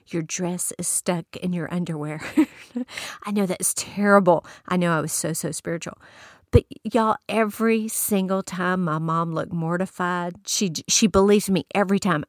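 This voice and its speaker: A woman's voice: lowish voice, no room sound, clean studio sound. A woman giving a folksy inspirational sermon, telling stories and laughing often.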